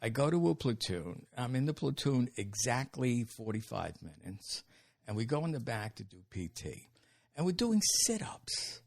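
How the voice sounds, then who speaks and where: Vocal fry and a breathy edge mark this older man's mid-range voice, which moves at a moderate pace. He's a New York comedian in a casual interview, animatedly telling profane stories, acting out the quotes, and swearing freely.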